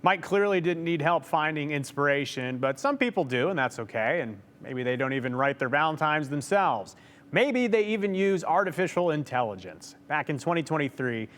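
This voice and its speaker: A man's voice: a little high, a bit bright. A man reading scripted news narration as anchor, with a polished delivery.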